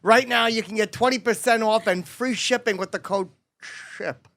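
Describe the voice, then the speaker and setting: A man playing a crude, blustering man-child host with a high, reedy voice. He mumbles his way through sponsor reads and jokes in a brash, careless manner. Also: moderate pace, bright, forceful tone. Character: Chip Chipperson, crude dim-witted man-child host. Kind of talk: comedic podcast character.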